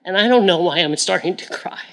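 A woman preaches a sermon in a somewhat low voice, earnest and sincere. She breaks into direct prayer to God, saying key phrases again and again to drive them home. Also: expressive, a little fast, rough recording. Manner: repeats phrases for emphasis. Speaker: Bible teacher.

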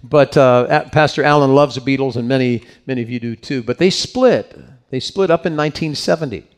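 A man's voice: mid-range voice, brisk. A male pastor preaching a conversational sermon in a loose, rambling way, with many asides and stumbling repeats.

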